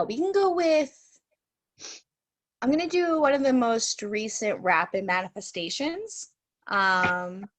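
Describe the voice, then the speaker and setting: She is a woman who teaches Reiki and speaks on a webinar from home through a video call. Her talk is loose and chatty, peppered with "like" and "you know." The sound is close and dry, at an ordinary middle pitch. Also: fairly bright tone, no room sound. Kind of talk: casual storytelling in a webinar.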